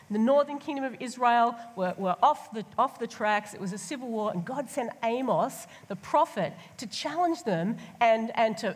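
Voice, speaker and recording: A woman preaches in a casual, lively way. Her voice is a little high and breathy. It rings with the long reverb of a large hall. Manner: lively, colloquial, acts out voices of the people. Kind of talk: sermon.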